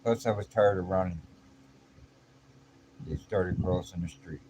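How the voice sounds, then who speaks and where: This middle-aged vlogger takes his time, unhurriedly telling a story about himself in slangy, blunt, streetwise talk that keeps restarting. His voice sits very low. The recording quality is poor, with a steady hum of background noise.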